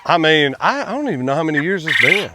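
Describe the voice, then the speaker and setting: Folksy man with a lively voice. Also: on the high side, quick pace, very noisy. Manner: folksy, chatty, addresses viewers as y'all. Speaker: quail farmer and channel host. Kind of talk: casual outdoor vlog. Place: outdoors at quail pens.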